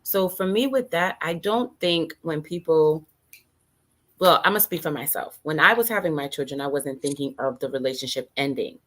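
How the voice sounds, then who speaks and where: A woman's voice: sits low, lively intonation, normal speed. A young adult woman co-hosting a podcast, speaking frankly and emphatically, reading out comments and giving her own view. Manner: frank, emphatic, laughs easily. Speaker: podcast co-host. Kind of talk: casual chat.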